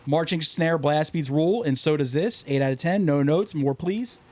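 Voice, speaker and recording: A man co-hosting a loose podcast chat, his voice sitting a little high for a man. He tells stories with lots of energy, swears freely, and breaks into laughter often. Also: normal speed, a little mellow. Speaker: podcast co-host. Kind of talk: casual chat.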